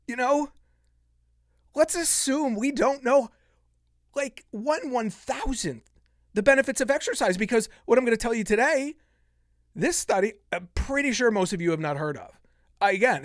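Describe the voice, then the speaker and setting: A man's voice: high voice, no echo, studio quality. A man in his fifties hosting a solo fitness podcast, talking passionately and getting worked up as he vents. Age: 50s. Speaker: podcast host.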